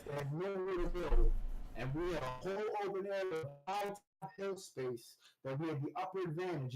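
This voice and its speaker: A man co-hosting a casual gaming chat, telling stories in an animated way and rising loud when he quotes teammates. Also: sits high, poor audio. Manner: animated storyteller, shouts when quoting teammates. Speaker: podcast co-host.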